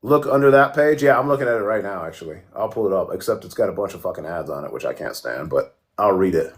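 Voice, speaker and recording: A man with a low-pitched voice hosts a casual livestream, sounding animated and talking quickly. He swears freely, jokes around and responds to viewers' comments as they appear.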